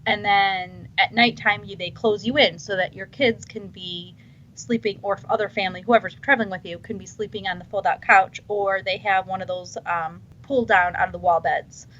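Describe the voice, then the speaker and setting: A woman's voice: medium pitch, steady tone, moderate pace, a bit bright. A woman chatting casually on a podcast, enthusiastic and restarting her sentences often. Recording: dull lo-fi sound.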